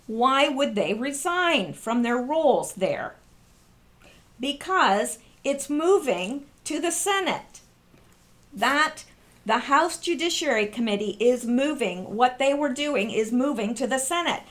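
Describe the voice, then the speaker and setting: A woman's voice: a little high, lively intonation, takes it slowly, fairly bright tone. A woman hosting a casual commentary, explaining online posts and reading statements aloud with emphatic repetition. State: coughing, throat clearing. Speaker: political commentary host.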